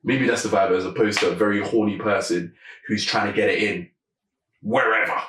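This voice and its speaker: A man's voice: fairly low pitch, steady tone, fairly quick, a bit bright, recorded from a distance, slight background noise. A man hosting a music reaction video, thinking aloud in casual commentary with lots of fillers. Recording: echoey room, away from the mic.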